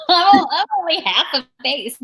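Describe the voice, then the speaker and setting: A woman's voice: very high voice, huge pitch swings, takes it slowly, a bit bright, low-quality recording. A woman hosting a live makeup stream, chatting casually, laughing and joking about herself. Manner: chatty, self-deprecating, laughs between remarks. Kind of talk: casual chat.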